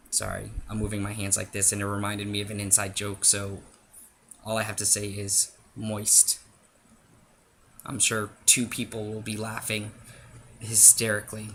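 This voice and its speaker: Rambling low-voiced man telling a story. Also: a bit bright, a little hiss or hum. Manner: rambling, self-interrupting, chatty. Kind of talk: casual story time vlog.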